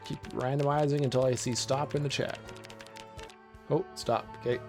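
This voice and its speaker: A man streams a video game, talking casually with his viewers while he picks options, in a relaxed, chatty style. His mid-range voice moves at a moderate pace with long pauses, and soft music plays in the background.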